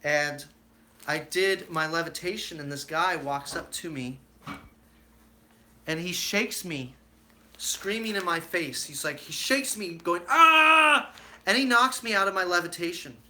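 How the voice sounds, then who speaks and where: Brief: male live-streamer, high-ish, bright tone, chatty storyteller with lots of ums and acted quotes. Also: unhurried, slight background noise. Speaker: street magician hosting a live stream.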